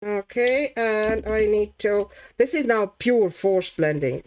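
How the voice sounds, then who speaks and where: Relaxed chatty woman from Latvia. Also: mid-range voice, unhurried, hardly any pauses. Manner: chatty and easily amused, reading out comments while working; relaxed, thinking aloud about her colouring. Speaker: livestream host colouring while chatting. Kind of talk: casual livestream chat.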